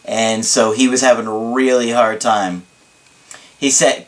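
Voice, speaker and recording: A man's voice: mid-range voice, unhurried, long pauses, a bit bright. A man speaking as a relationship coach in a casual talk to camera, chatty and laughing often. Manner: chatty, laughs often, frequent tag questions.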